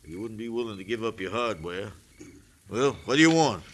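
An actor playing a wary, grieving rancher who talks in an expressive drawl, in 1940s radio acting. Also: male voice, on the low side, brisk.

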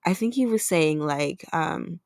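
Unhurried and expressive, a podcast host tells a confessional story in her low, creaky, slightly mellow voice. She talks casually with lots of "like" and "um," recorded at studio quality with no room sound.

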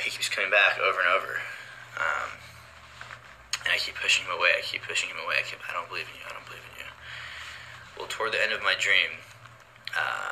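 A young man telling a personal testimony in a halting, earnest way, full of restarts and pauses. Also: deep voice, pushed and bright, slight background noise, rough recording. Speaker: storyteller sharing a testimony. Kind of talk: personal testimony, casual retelling.

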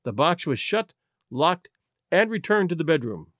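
Male audiobook narrator, lively and somewhat high, dry close sound. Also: normal speed, dry recording. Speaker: storyteller.

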